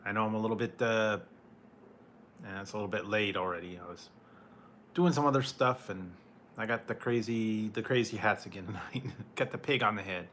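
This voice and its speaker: A man's voice: lowish voice, normal speed, a bit bright, a little hiss or hum. A man hosting a casual food-review livestream, chatting with viewers, laughing often and greeting people by name. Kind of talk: casual live chat with viewers.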